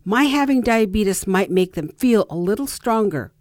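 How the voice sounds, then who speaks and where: Middle-aged woman reading her own story, lively pitch, dry close sound, thoughtful. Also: normal speed, dry recording. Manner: reflective, acts out quoted people. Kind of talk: personal essay reading.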